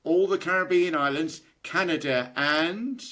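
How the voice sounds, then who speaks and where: A man's voice: on the high side, a little slow, a bit bright. Wry British man, dry humor. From United Kingdom. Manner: dry, wry, chuckles while talking. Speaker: podcast co-host. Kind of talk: casual political comedy chat.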